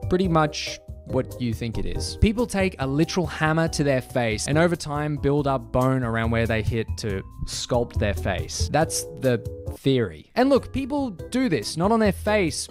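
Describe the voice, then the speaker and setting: Sarcastic man narrating a video essay. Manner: sarcastic, exasperated, swings between high and low. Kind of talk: scripted commentary narration.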